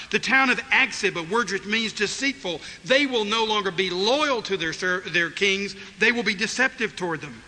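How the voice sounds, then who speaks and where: A man's voice: sits high, expressive, moderate pace, bright, forceful tone. A man preaching an expository sermon, emphatic and acting out the voices he quotes. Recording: reverberant hall, faint noise.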